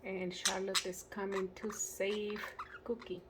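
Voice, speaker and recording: At a measured pace and with little pitch movement, a woman with a medium-pitched voice narrates a casual vlog about her budgies, sometimes addressing the birds. Her phrasing is non-native and she often hunts for words. Chirping budgies and noise fill the home recording.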